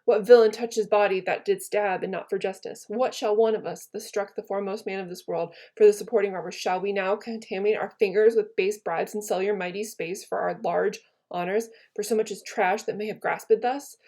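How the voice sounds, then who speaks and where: A woman reading aloud the part of a stern, high-minded Roman conspirator in a plain, unaccented voice. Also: fairly even intonation, a little fast, hardly any pauses, mellow, lightly acted. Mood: reproachful. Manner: plain read-aloud of verse, no accent put on.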